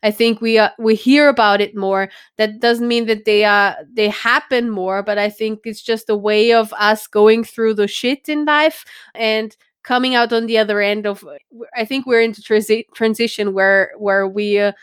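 A woman's voice: on the high side, fairly even intonation, normal speed, clean tone, dry recording, clean studio sound. A woman hosting a podcast in casual chat, frank and blunt, thinking aloud and checking in with "right?". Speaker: podcast host.

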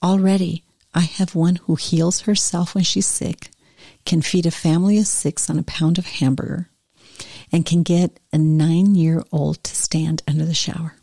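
Woman reading God as a proud tireless creator, gravelly dark voice, slow. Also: lowish voice, fairly even intonation, no echo. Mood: earnest.

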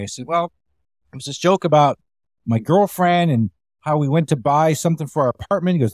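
Animated, swearing comedian, dry close sound. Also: male voice, fairly high pitch, a little fast, dry recording. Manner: animated, swears freely, acts out quoted voices. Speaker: stand-up comedian. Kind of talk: casual storytelling chat. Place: remote call.

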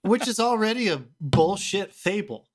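A man's voice: high voice, expressive, moderate pace. A man co-hosting a film podcast, talking emphatically and swearing as he voices his frustration with a film. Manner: emphatic, exasperated, swears often. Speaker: podcast co-host. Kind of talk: casual film-review chat.

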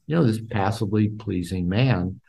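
A man's voice: fairly low pitch, moderate pace, creaky, dark tone. An older man in an interview, a therapist and author, telling his personal story candidly and reflectively, with many fillers and restarts.

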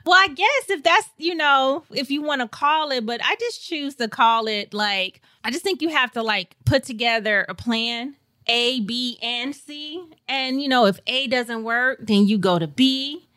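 A woman from St. Louis, Missouri, telling a travel story as a podcast guest in a lively, laughing way. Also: high voice, unhurried, no echo. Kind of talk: casual storytelling.

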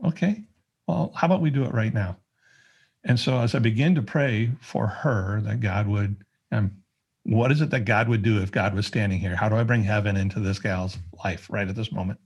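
A man's voice: lowish voice, fairly even intonation, moderate pace, slightly rough. A man telling a personal story as a podcast guest, in a conversational way with many fillers and restarts. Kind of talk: casual storytelling.

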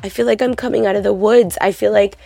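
Gravelly-voiced woman telling a story. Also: mid-range voice, fast. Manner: animated storyteller, lots of fillers. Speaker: podcast co-host. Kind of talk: casual chat.

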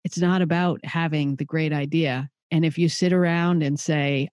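A man's voice: a little high, fairly even intonation, moderate pace, few pauses, darkish tone, no echo. A man hosting a podcast, asking questions in a friendly, slightly unsure way and reading a closing outro. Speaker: podcast host. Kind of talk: casual interview, then scripted outro.

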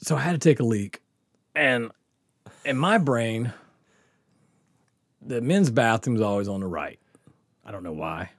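A man's voice: mid-range voice, animated, a little slow, long pauses, no echo, studio quality. Rowdy laughing man telling stories. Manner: rowdy, profane, laughs through his stories. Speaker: podcast host. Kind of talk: casual storytelling.

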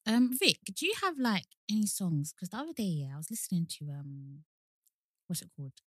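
Young woman, podcast co-host, low-ish voice, dry close mic, lively storyteller. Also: a little fast, no echo. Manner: animated, repeats herself, acts out quotes in higher voice. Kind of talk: casual chat.

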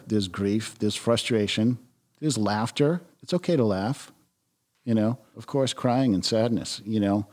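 A man as a podcast guest, talking reflectively with frequent restarts and soft trailing phrases. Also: mid-range voice. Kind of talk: conversational interview.

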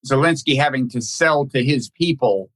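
A man hosting a podcast conversation, talking in a halting, thoughtful way with many restarts and repeated words. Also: medium pitch, fairly bright tone. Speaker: podcast host. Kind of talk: casual conversational interview.

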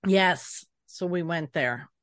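A woman's voice: on the low side, slow, fairly bright tone, dry recording, studio quality. A woman co-hosting a podcast, chatting casually and enthusiastically, often restarting her sentences. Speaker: podcast co-host. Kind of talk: casual chat.

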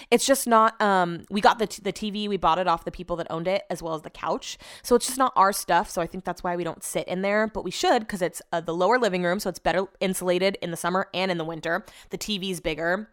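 A young adult woman talking casually to her followers, telling an animated story with swearing and acted-out dialogue. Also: medium pitch. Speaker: vlogger.

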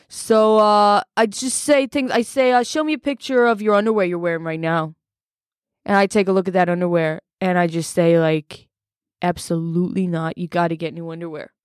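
A woman's voice: mid-range voice, clear, resonant tone, no room sound, studio quality, natural voice. A woman doing a cocky American mentor guy. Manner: rambling, cocky, full of fillers. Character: brash, boastful American male self-help mentor. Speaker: studio guest. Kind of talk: improvised comedy role-play.

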